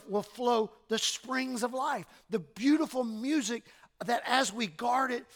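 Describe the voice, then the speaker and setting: Bright-voiced Southern pastor preaching. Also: male voice, very high voice. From American South. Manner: conversational, self-deprecating, with stammered restarts and quoted exchanges. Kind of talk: sermon.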